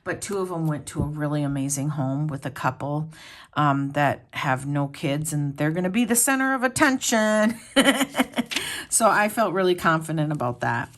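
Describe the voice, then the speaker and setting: A middle-aged woman with a notably low voice chats casually with her viewers at home. She rambles from one thing to the next and talks to them as friends. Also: animated, normal speed. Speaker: planner vlogger. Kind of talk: casual chat.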